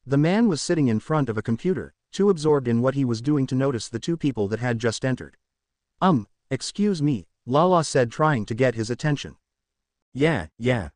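Male narrator, fan story reading, lively pitch, dry close sound. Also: fast talker, few pauses, dry recording.

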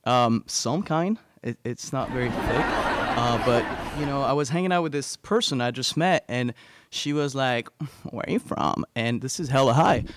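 A young Frenchman with a light French accent performs a rambling, self-mocking stand-up set on a small club stage, full of fillers and restarts. His voice is mid-range and his pace normal, with background noise audible.

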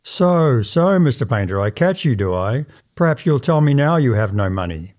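Man voicing Rapp, a shrill greedy old landlord. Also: big pitch swings, moderate pace, natural voice. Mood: sneering. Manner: loud and accusing. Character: greedy old male landlord, grasping and vulgar.

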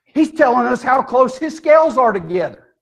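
A man's voice: extremely high pitch, very animated, moderate pace, vocal fry, fairly bright tone. A male pastor preaching a sermon in a church, emphatic and firing rhetorical questions at his congregation.

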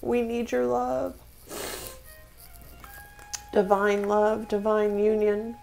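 A woman's voice: medium pitch, level tone, drawn-out words, gravelly, dark tone, faint music behind. A woman giving a tarot reading, speaking with spiritual feeling and emotion, close to tears. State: tearful. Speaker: tarot reader.

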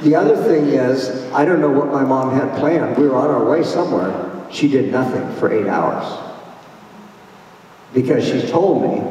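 A man's voice: mid-range voice, animated, normal speed, warm tone, a little hiss or hum. A man speaking at a church conference, telling parenting stories with quoted dialogue in a plain, down-to-earth way. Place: church hall. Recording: echoey hall from far off.

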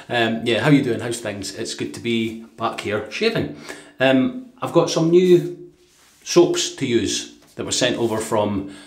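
A Scottish man from Dundee chatting casually through a product review, rambling with fillers and chuckles. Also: fairly low pitch. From Dundee, Scotland. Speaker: shaving vlogger. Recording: echoey room.

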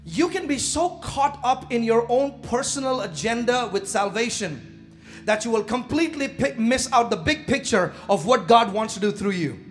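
High-voiced preaching man, shouting and joking. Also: normal speed, faint music behind. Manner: animated preaching, shouting and dropping to asides; casual slang, laughs at own jokes. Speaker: pastor. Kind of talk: sermon. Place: church, live service.

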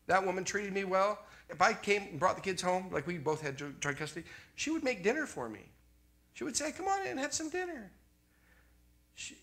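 An older male pastor preaching with an animated delivery. His voice sits fairly high and sounds bright and forceful. He swings between loud exclamations and quiet, soft asides. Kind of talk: sermon.

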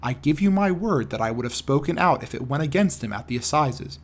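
A man reading the part of a dying older man who confesses in an earnest, heavy way, in a husky voice. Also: on the high side, lively intonation, fairly quick. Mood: anguished. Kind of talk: audiobook character reading.

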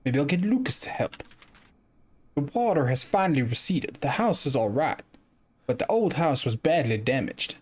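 A man's voice: fairly high pitch, very animated, normal speed, slightly rough. A man reading a game note aloud as a rural bayou man, in a put-on Southern US accent with an exaggerated drawl. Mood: matter-of-fact.

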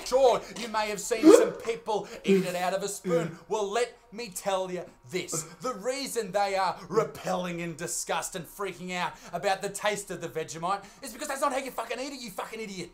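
A man with an Australian accent, a comedian delivering a loud, brash, swear-filled comedic rant. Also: sits high, moderate pace.

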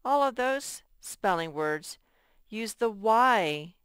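A woman walks young children through a reading lesson at an unhurried pace. Her voice is smooth and crisp, with a patient, sing-song lilt. The sound is close and dry. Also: mid-range voice, animated, a bit bright, no room sound. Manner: slow, patient, sing-song teacher delivery. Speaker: first grade teacher. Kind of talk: recorded classroom lesson.

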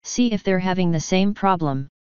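A weary, officious male technician, read by a woman in a low, smooth voice. He sounds exasperated and guarded. The sound is dry and a little dull. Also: moderate pace, dry recording, lightly acted. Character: tired, wary lab technician, male. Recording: slightly dull, lo-fi.

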